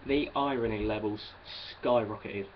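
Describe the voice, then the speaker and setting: A man's voice: fairly low pitch, normal speed, dull audio, slight background noise. A young man with an English accent ranting in a rambling, exasperated monologue and swearing freely. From England. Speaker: vlogger.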